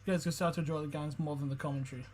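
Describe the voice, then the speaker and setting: A man giving excitable live play-by-play reaction commentary as a streamer, swearing freely between calmer calls. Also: a little high, racing. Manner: excitable, swears a lot, shifts from calm calls to loud outbursts.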